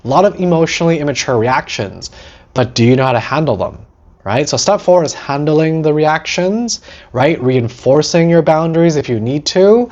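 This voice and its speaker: A man hosting a teaching talk about setting boundaries, animated, acting out short quoted lines and often asking "right?". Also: a little high, normal speed, dull audio. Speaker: host.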